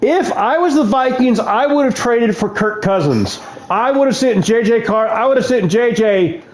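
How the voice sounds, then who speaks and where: A man playing a football video game and commentating his plays, given to shouting at the game. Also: very high-pitched, expressive, normal speed, echoey room, a little hiss or hum. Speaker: gaming video host.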